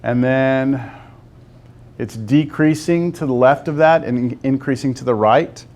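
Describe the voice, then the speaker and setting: A man teaching a calculus lesson to a class. He talks through a graph step by step and keeps pausing to ask the students whether they see it. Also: medium pitch, a little mellow. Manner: talks to the class, asks lots of check-in questions. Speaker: math teacher.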